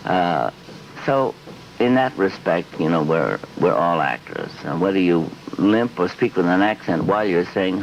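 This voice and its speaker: In a dull, lo-fi 1970s archive recording with faint hiss, a man in his fifties speaks in a low, unhurried voice as a guest on a television interview. He rambles animatedly and acts out quotes and little scenes in other voices.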